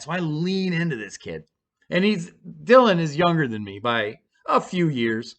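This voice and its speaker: A man's voice: a little high, sing-song, normal speed, fairly bright tone. A man at home telling a personal story to his camera in a rambling, profane, casual way, full of fillers and restarts.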